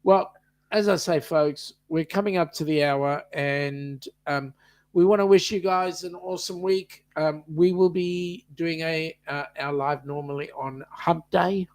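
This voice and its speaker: Chatty Australian man, slow drawl. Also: fairly high pitch, steady tone, darkish tone. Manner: rambling, chatty, reads out viewer comments. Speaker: co-host of a live chat stream. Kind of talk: casual live-stream chat.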